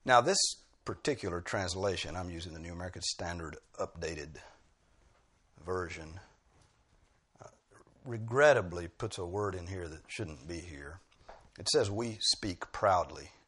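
A man's voice: low voice, a little slow, a bit bright, breathy edge. A male preacher delivering an expository sermon, pressing key phrases with emphatic bursts.

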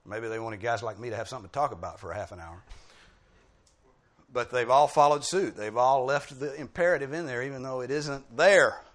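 A man preaching a sermon, explaining points like a teacher and punching key words with dry humorous asides. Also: fairly low pitch.

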